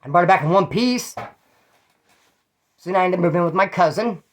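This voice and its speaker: A man's voice: high-pitched, a little fast. A man hosting his own channel, telling prison stories in a rambling, profane, streetwise way. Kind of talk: casual first-person storytelling.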